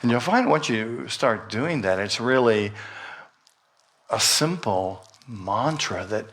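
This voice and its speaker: A middle-aged man speaks from a church pulpit, calm and very unhurried. His voice sits at an ordinary pitch, and he gently guides the listeners through a breathing meditation with light humor. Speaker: minister. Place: church sanctuary.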